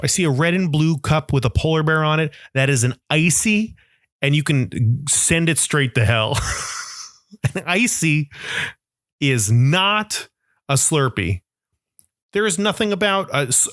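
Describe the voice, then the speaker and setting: A young man hosting a solo podcast, ranting in an animated, mock-outraged way and acting out imagined voices. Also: on the high side, dry recording, clean studio sound. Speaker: podcast host. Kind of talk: solo comedic rant.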